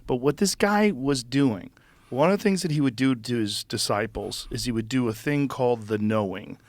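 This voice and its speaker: A man's voice: medium pitch, normal speed, no room sound. A man hosting a casual conversation, thoughtfully musing and asking probing questions. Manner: curious, reflective, asks probing questions.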